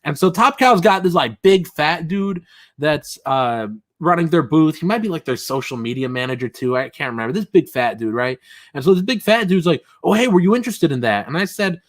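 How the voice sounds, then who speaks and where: A man hosting a casual livestream, talking in a loose, rambling way. His voice sits a little higher than most men's, and he fills pauses with "uh" and little chuckles. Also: animated. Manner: rambling and chatty, many fillers and chuckles. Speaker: livestream host.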